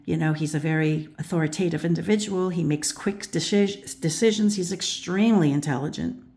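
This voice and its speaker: A woman's voice: deep voice, brisk, warm tone. A woman, older, giving a casual tarot reading, thoughtful and rambling, with many restarts and "you know" fillers. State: out of breath at times. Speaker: tarot reader and channel host.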